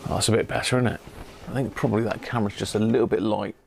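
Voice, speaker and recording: A middle-aged British man who restores radios hosts a live stream, chatting casually, chuckling often and greeting viewers by name. His voice is lowish and darkish with vocal fry, delivered fast in a steady tone, with slight background noise.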